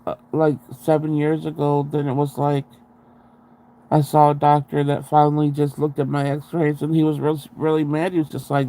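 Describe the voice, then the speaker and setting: A man telling his own story in a casual interview, frank and halting, with blunt swearing. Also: fairly high pitch, monotone, warm tone, low-quality recording.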